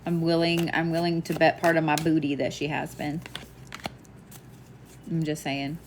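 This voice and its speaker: A woman with a fairly low voice gives live psychic readings in a loose, chatty way. She laughs easily and drops the odd swear word. A faint hiss sits under the recording. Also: flat delivery, normal speed. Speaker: psychic medium.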